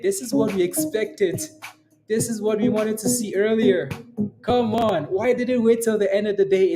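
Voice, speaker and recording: Excitable trading-stream host cheering a stock. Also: mid-range voice. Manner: excitable cheering, repeating exclamations; laughs often while reading chat. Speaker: day-trading livestream host. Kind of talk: live stock market commentary and chat.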